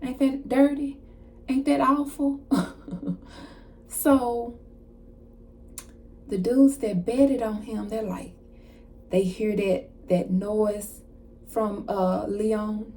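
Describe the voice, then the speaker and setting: Slow, mellow-voiced woman reader. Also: fairly high pitch. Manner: animated retelling with slang and asides. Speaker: spiritual card reader. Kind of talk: casual channeled-message reading.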